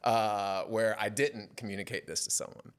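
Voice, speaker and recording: A man, a podcast guest, telling fishing stories in a casual interview with an animated, playful manner. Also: on the low side, normal speed, clear, resonant tone. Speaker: podcast guest, yacht club commodore.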